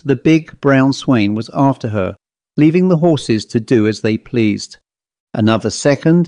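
Male audiobook narrator, mid-pitched, measured ghost-story reading, dry close mic. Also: a little mellow, no echo.

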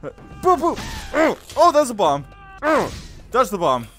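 A gaming video host giving excitable, casual let's-play commentary, full of exclamations and bursts of laughter. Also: medium pitch, measured pace, faint music behind.

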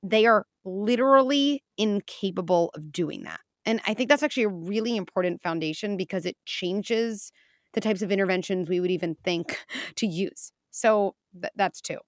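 A woman's voice: mid-range voice, moderate pace, no echo, clean studio sound. A woman, a clinical psychologist guest, talking casually in an interview and acting out little scenes. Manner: animated, acts out scenes with quoted voices.

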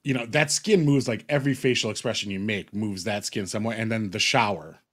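A man's voice: fairly low pitch, fairly quick, a bit bright. A middle-aged man telling a rambling, joking story in a casual chat, swearing freely. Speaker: co-host.

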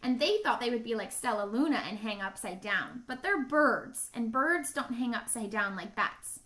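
A woman's voice: on the high side, animated, normal speed, a bit bright. A woman teacher reading a children's story aloud, stopping to ask her listeners questions and praising their answers with encouragement.

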